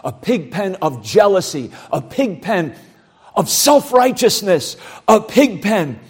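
Impassioned male preacher, lively high voice. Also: slow pace, husky. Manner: dynamic, swings from shouting to low quiet. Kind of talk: sermon.

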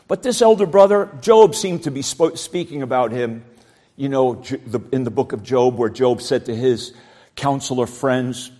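A man preaching a sermon, swinging between loud, shouting emphasis and low, quiet passages. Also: expressive, normal speed.

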